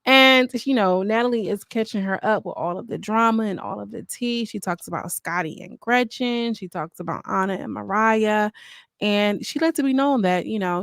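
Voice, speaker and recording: A woman's voice: mid-range voice, normal speed, creaky, dry recording, studio quality. A woman hosting a reality TV review channel, chatting casually with lots of slang and sassy asides. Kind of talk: casual commentary.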